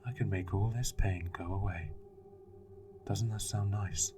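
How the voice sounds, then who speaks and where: A man voicing an unseen sneering entity in an attic, low and raspy, speaking slowly and coaxingly. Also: fairly even intonation, over music, close to an everyday voice. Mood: coaxing menace.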